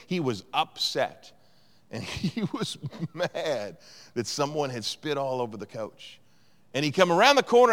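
Male pastor, lively storyteller, slightly high voice, long church-hall reverb. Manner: animated storyteller, acts out quotes. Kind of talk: sermon.

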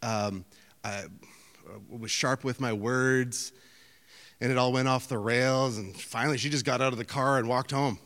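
A middle-aged man preaching a sermon in a conversational, self-deprecating storytelling manner, with lively outbursts. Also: mid-range voice, normal speed. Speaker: pastor. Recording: hall reverb.

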